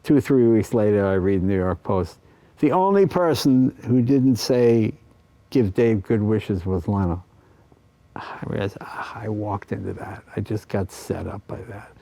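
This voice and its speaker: Animated older man, mellow voice. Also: on the low side, a little slow. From East Coast of the US. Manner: animated storyteller, acts out quoted voices. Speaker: interview guest. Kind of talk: anecdotal interview talk.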